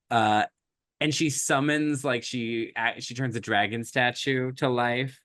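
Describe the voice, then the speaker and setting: A man's voice: mid-range voice, a little slow, dry recording, clean studio sound. A man co-hosting a podcast, retelling a movie plot in casual, rambling chat, acting out characters' lines as he goes. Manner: rambling, animated retelling with acted quotes and frequent likes. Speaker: podcast co-host.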